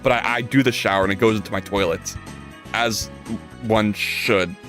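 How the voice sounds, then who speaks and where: A man's voice: on the low side, normal speed, over music. A man streaming live while coding, chatting casually with viewers and reading their messages aloud. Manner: animated, jokey, reads chat aloud and rambles. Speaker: livestreamer.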